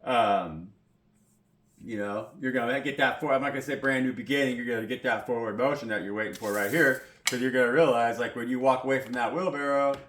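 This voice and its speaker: A man doing a rambling tarot reading, swearing freely and leaning on "you know" between thoughts. His mid-pitched voice sounds roomy and echoey, with a faint hiss of noise underneath. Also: fairly quick, a bit bright. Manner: rambling, profane, full of "you know" fillers. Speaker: tarot reader. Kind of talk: casual tarot reading to camera.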